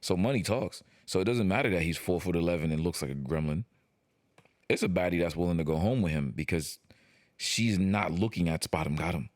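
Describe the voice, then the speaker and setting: A man co-hosting a podcast, talking in loose, slangy casual chat, animated and prone to stumbling over his first words. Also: sits low, brisk, dry recording, clean studio sound. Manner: animated, slangy, repeats words when starting a point. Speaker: podcast co-host.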